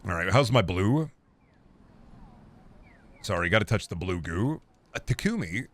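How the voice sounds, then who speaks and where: A man's voice: deep voice, big pitch swings, measured pace. A young man streaming a game from his home setup, talking to himself in a rambling, profane way into a close desk microphone. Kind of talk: casual gaming stream commentary.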